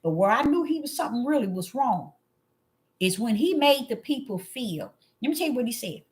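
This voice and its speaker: A woman with a fairly high voice delivers a preachy monologue to her viewers. She hammers points home by repeating herself. She jumps from loud exclamations to quiet, muttered asides. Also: sing-song, a little fast. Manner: emphatic, repeats phrases for emphasis. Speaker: online religious commentator.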